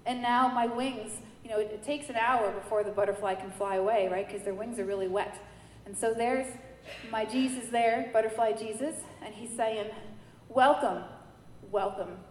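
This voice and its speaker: A woman from New York giving a personal faith testimony, telling her story in a lively way and acting out the dialogue. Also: on the high side, normal speed. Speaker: church member giving testimony. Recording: echoey hall with faint noise.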